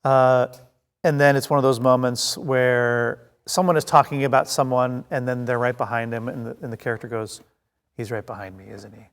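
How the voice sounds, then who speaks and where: Gravelly man teaching in a hall. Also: mid-range voice, normal speed. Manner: lively storytelling that acts out scenes, with many fillers and restarts. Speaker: Bible study teacher. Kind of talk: congregational Bible teaching. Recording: long reverb of a hall.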